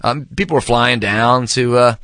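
A man's voice: mid-range voice, normal speed, bright, forceful tone, no echo, clean studio sound. A man casually recommending a book, telling a long rambling anecdote in a laid-back way, full of fillers and calling the listener "man". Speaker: book reviewer.

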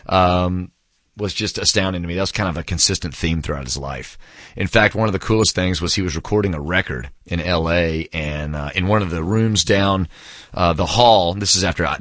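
A man's voice: low-pitched, fairly bright tone, no echo, clean studio sound. A man in his forties casually reviewing a book, telling stories with enthusiasm, acting out quotes and saying "man" a lot.

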